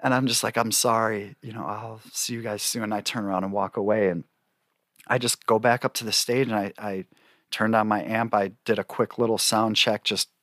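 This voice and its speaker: A man, a guest musician, telling a story in a casual, animated way, swearing freely and laughing often between his lines. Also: fairly low pitch, normal speed, no room sound, studio quality. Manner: animated, profane, laughs often, lots of fillers.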